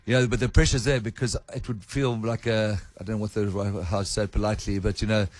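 A man's voice: on the low side, level tone, quick pace, dry recording. A man who coaches rugby, talking candidly in a radio studio, rambling a little and chuckling at his own lines. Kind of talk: casual radio interview.

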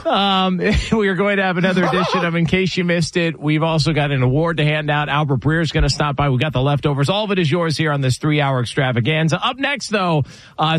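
A male sports radio host with a fairly high voice talks briskly and upbeat, moving between loose banter and a read ad. The sound is dry and close. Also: fairly bright tone, dry recording.

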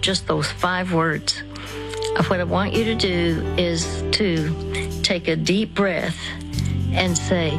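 A woman counseling a caller on a call-in radio show, guiding him gently through slow prayerful repetition. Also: fairly low pitch, steady tone, over music, rough recording. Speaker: radio counselor taking calls.

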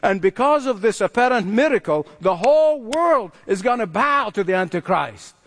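High-voiced preacher in an echoing hall. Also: male voice, sing-song, normal speed, slight background noise. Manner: emphatic, acts out voices in quotes. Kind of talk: sermon. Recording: long hall reverb.

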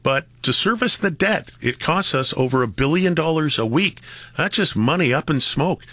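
A man's voice: on the high side, expressive, sharp tone, no echo. A man hosting a talk radio show, chatting casually and wrapping up segments. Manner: chatty, quick wrap-ups.

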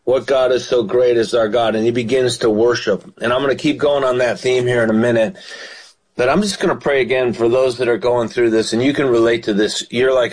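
A man's voice: mid-range voice, steady tone, a little fast, darkish tone, low-quality recording. A man hosting a radio ministry broadcast, reading a psalm, teaching on it and praying aloud in an earnest way. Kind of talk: radio sermon and prayer.

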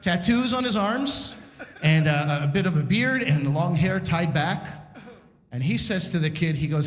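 A man's voice: fairly high pitch, moderate pace, roomy sound, in a large hall. A man hosting a live comedy show, telling a story to the audience and acting out the people in it. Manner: animated, acts out quotes in character voices. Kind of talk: stand-up storytelling on stage. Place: large community center hall, live audience.

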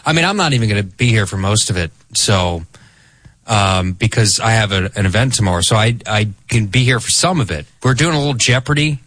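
A man's voice: lowish voice, lively intonation, fairly quick, a bit bright, dry recording. A young man co-hosting a sports radio show, joking and teasing in casual banter.

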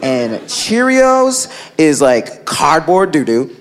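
A man's voice: a little high, big pitch swings, slow pace, noisy background. A man doing a stand-up comedy set, telling a rambling story full of fillers and acting out the voices of the people in it.

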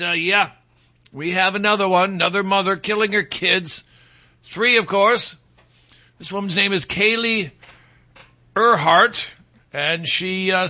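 Man, talk radio host, sarcastic monologue, pitched high, bright and piercing tone. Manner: sarcastic, mocks people in put-on quoted voices.

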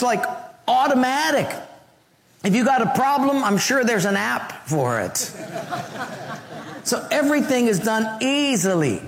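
A man preaching a humorous, story-driven sermon, dropping his voice low for emphasis. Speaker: pastor. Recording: long hall reverb.

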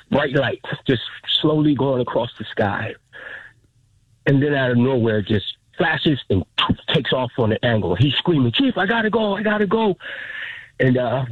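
A middle-aged man calling in to a radio show, telling an emotional story in a halting voice that keeps breaking off and repeating itself. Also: mid-range voice, slightly rough, no echo. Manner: halting, choked up, repeats himself. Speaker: caller. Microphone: telephone. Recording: muffled phone line.

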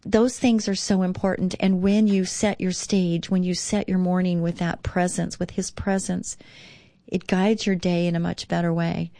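Clean studio sound with no room ambience carries a fairly low, warm female voice that is flat in delivery and moderately paced. She is a middle-aged radio host of a devotional talk show, reading and reflecting earnestly and encouragingly, her voice lifting with emphasis.

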